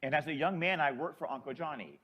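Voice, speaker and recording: An older man and priest telling a chatty, animated story in a sermon. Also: fairly high pitch, fast, muffled recording.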